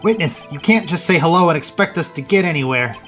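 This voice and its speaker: A woman's voice: lowish voice, animated, fast, a bit bright, soft background music. A woman streamer reading a lawyer's lines aloud while playing a video game, matter-of-fact.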